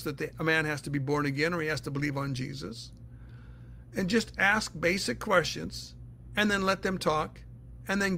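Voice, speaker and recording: A man's voice: a little high, vocal fry, bright, forceful tone, a little hiss or hum. A man teaching the Bible in a casual, earnest way, answering listener questions and explaining step by step.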